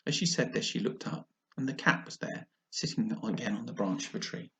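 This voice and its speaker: A man narrating a classic children's story aloud, expressive, with the odd slip. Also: medium pitch, fairly quick, gravelly, hardly any pauses, poor audio. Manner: expressive reading with small slips.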